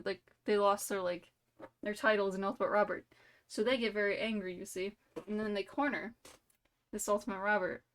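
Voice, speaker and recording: A woman streamer telling a silly made-up story during a live game, rambling and playful, full of "like" and "you know". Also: mid-range voice.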